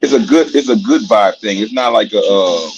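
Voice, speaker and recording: A man's voice: fairly low pitch, normal speed, highs cut off, a crowd in the background. A man with a Southern US accent, making his point insistently in casual radio chat. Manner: insistent, animated, repeats himself.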